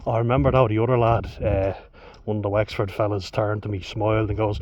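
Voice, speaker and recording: A man's voice: mid-range voice, steady tone, fast talker, few pauses, darkish tone, no room sound. A young Irish man telling a story in a casual, blunt way, swearing freely and laughing between lines. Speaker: vlogger. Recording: dull lo-fi with faint hiss.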